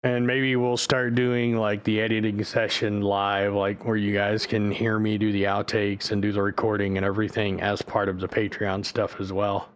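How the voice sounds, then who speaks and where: A man's voice: lowish voice, flat delivery, normal speed, few pauses, clean tone. A male streamer in casual livestream chat, rambling, loose and profane.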